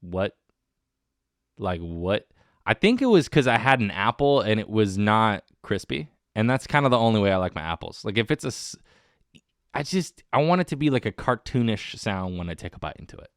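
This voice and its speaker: Male podcast host, solo casual chat, wired and self-mocking; smooth voice, dry close sound. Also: lowish voice, very animated, moderate pace, no echo. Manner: rambling, self-mocking and jokey. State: wired on coffee.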